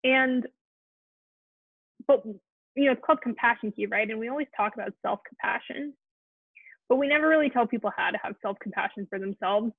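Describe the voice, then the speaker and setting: A woman hosting an online support Q&A, speaking in a gentle, earnest way with frequent restarts. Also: on the high side, fairly quick, long pauses, breathy edge, no room sound. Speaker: host of a support Q&A. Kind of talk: casual heartfelt talk to an online group. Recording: tinny phone-like line, very dry.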